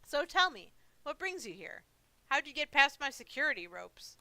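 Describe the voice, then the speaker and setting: A woman's voice: high-pitched, sing-song, normal speed, pushed and bright, dry recording, pitched above the performer's own voice, heavily acted, low-quality recording. A woman voicing a lonely, forgetful old male monster in a horror game, who rambles and mocks himself. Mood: chatty. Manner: rambling, self-mocking, talks to himself.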